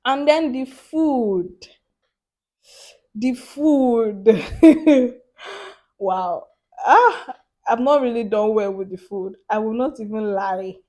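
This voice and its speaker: A woman's voice: on the high side, slow pace. A young woman, chatting animatedly in a casual vlog, laughing often and filling her talk with "like". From Africa. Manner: animated, laughing, lots of "like" fillers. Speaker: vlogger.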